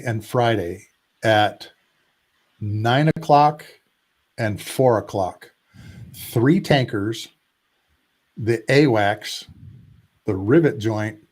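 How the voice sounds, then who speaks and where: A man in his sixties, a retired Air Force pilot, telling animated war stories as a podcast guest and drawing out emphatic lists. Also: medium pitch. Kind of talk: casual storytelling interview.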